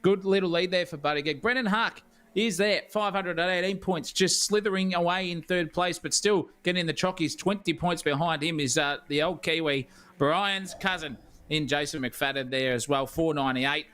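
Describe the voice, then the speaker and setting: A man's voice: on the high side, normal speed, fairly bright tone, clear, resonant tone. A man with an Australian accent doing live sim racing co-commentary, chatty and jokey with a rambling flow.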